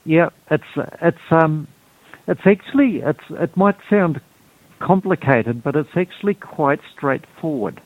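Brief: man, hesitant explainer, slow delivery, phone-line sound. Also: fairly high pitch, no echo. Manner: halting, many ums and restarts. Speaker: health guest explaining detox. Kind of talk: explanatory talk. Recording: tinny phone line, dry.

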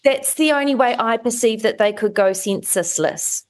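A woman, a regular radio contributor, explaining a topic in a measured and informative way with some fillers. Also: fairly high pitch.

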